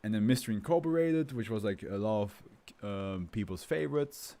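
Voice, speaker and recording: A man reading to his live stream speaks in a low, mellow voice with lively intonation and a brisk pace. He first rambles casually with plenty of fillers and laughs, then reads a document aloud.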